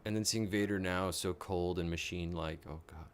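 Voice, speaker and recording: A man hosting a live episode reaction, an excitable fan who is tired and a little out of it late at night. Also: sits low, fairly quick, a little hiss or hum. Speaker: show host.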